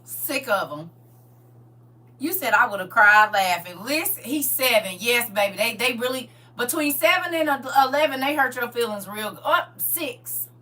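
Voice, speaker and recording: A middle-aged woman hosting a livestream, telling family stories in a lively, laughing, colloquial way. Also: on the high side, normal speed. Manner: animated, laughing, colloquial storyteller who talks straight to viewers. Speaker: livestream host. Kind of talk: casual storytelling chat. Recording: distant mic with faint hum.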